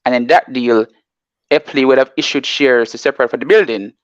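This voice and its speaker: A man's voice: mid-range voice, fairly quick, dry recording. Guy explaining stocks on a live stream, lots of "you know", dry lo-fi sound. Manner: reads out formal text, then explains at length with many "you know"s. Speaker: market analyst. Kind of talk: explaining finance on a live show.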